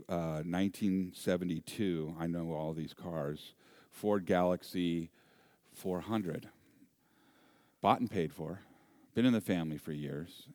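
A middle-aged pastor with a very low voice tells a story from the pulpit. He is animated and funny, and he acts out voices and sound effects as he goes. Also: no room sound, studio quality. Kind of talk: sermon storytelling.

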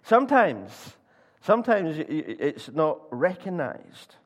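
A man with a Scottish accent preaching a sermon in church, acting out voices as he tells stories, with frequent stumbles and restarts. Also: fairly high pitch. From Scotland. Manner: animated storyteller, acts out voices, halting restarts. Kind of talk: sermon with storytelling.

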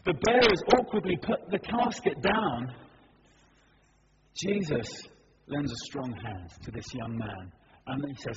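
A man preaching a sermon as a dramatic story, shifting between hushed and loud, at a church service. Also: on the high side, lively intonation, unhurried, pauses often, long reverb tail. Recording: dull recording with background noise.

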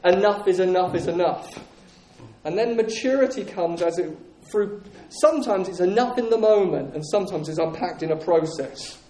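Emphatic high-voiced male preacher. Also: lively intonation, moderate pace, few pauses, warm tone, slight background noise. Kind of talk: sermon. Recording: echoey room.

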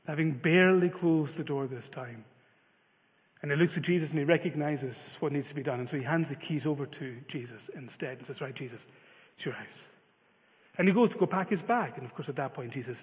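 A man's voice: a little high, fast. A man preaching a sermon, telling a story with many filler uhs. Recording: phone-like reverberant sound.

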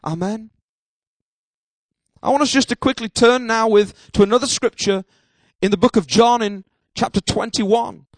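A man preaching a sermon at a church service, emphatic, with repeated amens and bursts of shouting. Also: high voice, no echo. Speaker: pastor.

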